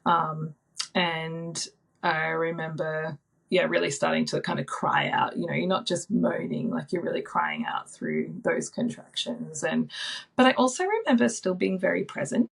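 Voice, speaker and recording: A woman in her thirties, a podcast guest telling a personal story in a soft, reflective way with frequent ums and likes. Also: low-pitched, normal speed, vocal fry. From Australia.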